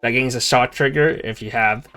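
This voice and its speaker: A man with a Canadian accent explains card rulings in a relaxed, conversational way, often backing up to rephrase a point. His voice is smooth and clear at a middle pitch, with faint music in the background. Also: normal speed. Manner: explains rulings at length, restarts sentences. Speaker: co-host reviewing cards. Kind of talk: casual chat.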